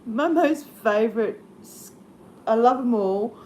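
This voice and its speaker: A woman's voice: a little high, animated, slow pace, darkish tone, a little hiss or hum. A middle-aged Australian woman chatting casually on her live stream, rambling and self-deprecating and laughing easily at herself.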